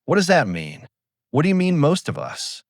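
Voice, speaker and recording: A man's voice: a little high, wildly swooping pitch, moderate pace, a little mellow, no echo, clean studio sound, pitched above the performer's own voice. Panicking young sailor, read by a man. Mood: panicked.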